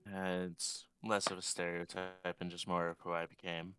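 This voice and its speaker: A man playing his character in a tabletop role-play, speaking in a slow, measured, suave way. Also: deep voice, completely flat delivery. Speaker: player.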